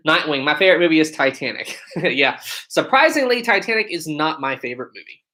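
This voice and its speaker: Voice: medium pitch, expressive, brisk, bright, forceful tone. An upbeat American livestream host chatting casually and greeting viewers one by one while reading comments aloud on a home setup. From United States.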